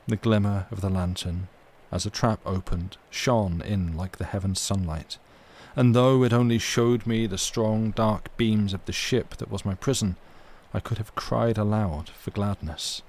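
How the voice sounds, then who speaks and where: A man reading a classic novel aloud on a livestream, steady and unhurried, correcting small slips as he goes. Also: on the low side. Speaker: reader.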